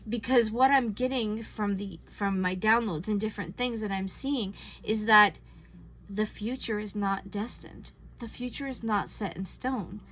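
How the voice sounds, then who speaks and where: A woman giving a casual spiritual tarot reading, earnest and gentle, often acting out imagined conversations. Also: mid-range voice, a little slow, a little hiss or hum, poor audio. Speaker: tarot reader.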